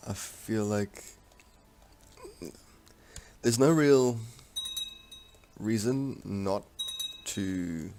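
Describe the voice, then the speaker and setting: A man giving casual gameplay commentary on a strategy game, thinking aloud in a rambling, frank way. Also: fairly low pitch. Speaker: strategy game let's-player.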